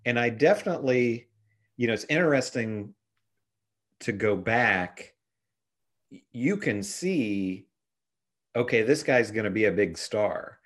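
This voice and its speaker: A man casually discussing a film with a co-host in a relaxed, thoughtful way. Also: medium pitch, measured pace, pauses often. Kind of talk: casual film review chat.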